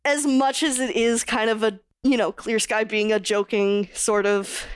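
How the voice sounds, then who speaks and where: Woman podcast cohost gushing about books, high smooth voice, swears a lot, dry close mic. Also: a little slow, no echo. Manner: animated, swears often, emotional retelling. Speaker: podcast co-host. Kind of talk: casual book discussion.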